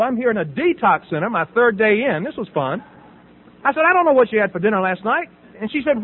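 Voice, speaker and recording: He's a middle-aged man from the American South sharing his recovery in testimony form, acting out dialogue and laughing often. His high-pitched voice has big pitch swings, a quick pace, and a breathy edge. The audio is tinny and phone-like.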